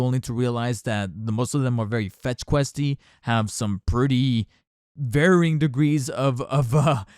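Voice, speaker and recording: A man's voice: medium pitch, a little mellow, no echo, studio quality. A man hosting a solo podcast, talking casually and candidly, rambling with restarts and asides. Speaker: podcast host. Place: home recording setup.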